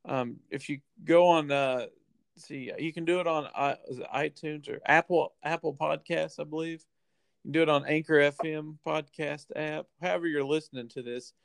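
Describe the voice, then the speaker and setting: A man's voice: on the high side, steady tone, normal speed, creaky, smooth, no echo. A man co-hosting a podcast in casual chat, laid-back and full of fillers and restarts. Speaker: podcast co-host.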